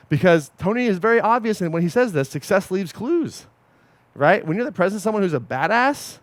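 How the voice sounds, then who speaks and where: A man coaching a group in a casual, animated way, swearing often and checking in with his listeners. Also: high voice, fairly quick, no room sound. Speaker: podcast host and coach.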